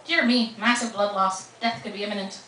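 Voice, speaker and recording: A woman's voice: medium pitch, fairly even intonation, brisk, bright, forceful tone, slight background noise, close to an everyday voice. A woman voicing a flippant, charming teenage boy in a live book reading, with dry, cheerful wisecracks, recorded from a distance in a roomy bookstore. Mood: teasing.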